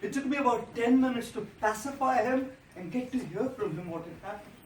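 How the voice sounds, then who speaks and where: Brief: male monk speaker, high-pitched, storytelling motivational speech, rhetorical repeats, captured far off in a noisy echoing hall. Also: fairly quick. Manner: animated storyteller with rhetorical repetition. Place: large indoor hall. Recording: echoey hall from a distant mic.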